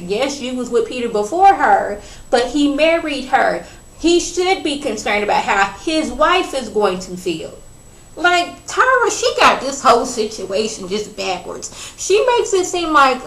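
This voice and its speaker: A sassy woman talks through a casual recap in an incredulous tone, with plenty of attitude. Her voice sits at an ordinary middle pitch. The room around her is echoey. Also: animated, a little slow, fairly bright tone. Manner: sassy and incredulous, acting out the people she quotes. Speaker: reality TV recap vlogger.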